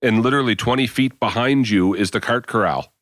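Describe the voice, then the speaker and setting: Male podcast co-host, average pitch, conversational rants, dry and close. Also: brisk, a bit bright, no room sound. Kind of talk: casual chat.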